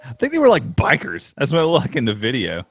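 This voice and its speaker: A man's voice: medium pitch, huge pitch swings, fast, creaky, husky, dry recording. A man chatting casually with friends, adding wry remarks. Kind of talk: casual chat.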